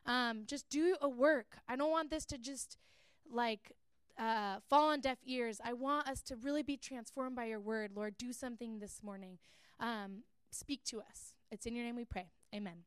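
A woman's voice: on the high side, normal speed, smooth, no room sound, clean studio sound. A young adult woman giving a casual Bible teaching talk, chatty and earnest with frequent fillers.

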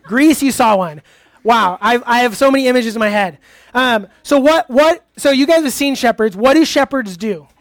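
This interactive sermon comes from a relaxed youth pastor addressing a live church-hall group at a moderate pace and middle pitch. Chatty and loose, he often pauses to ask questions and hear answers, laughs readily, and uses many fillers, all captured in a dry, close recording with barely any room echo.

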